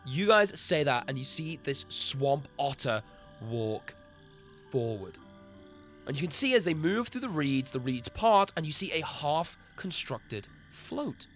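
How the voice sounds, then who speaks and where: A man's voice: medium pitch, a bit bright. A man narrating a live-streamed tabletop game as game master, rambling, laughing often and talking to chat. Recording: lo-fi stream with faint music.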